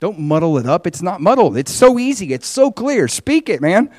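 A man's voice: medium pitch, animated, fairly quick, darkish tone, no echo, studio quality, close to an everyday voice. A man voicing an insistent, pleading divine teacher. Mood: urging. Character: earnest divine male teacher, urging.

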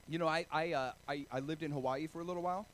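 A man from Oregon preaching a sermon, telling stories with animated, self-deprecating humor. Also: a little high, rapid-fire, slight background noise, rough recording. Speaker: pastor.

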